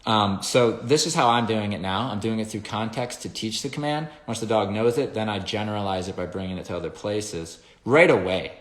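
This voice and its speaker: A man who trains dogs, explaining his method in a casual, animated way, acting out the commands he calls to the dogs. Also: fairly low pitch, brisk, few pauses, reverberant. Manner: animated storytelling, acts out commands with sharp raised calls; swears casually. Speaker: dog trainer.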